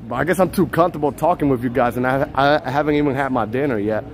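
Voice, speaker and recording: A Puerto Rican livestream host, medium-pitched and fast, walks city streets at night filming on a handheld phone and playfully teases his viewers in a live street vlog, now and then shouting names loudly. Faint street and traffic noise can be heard outdoors.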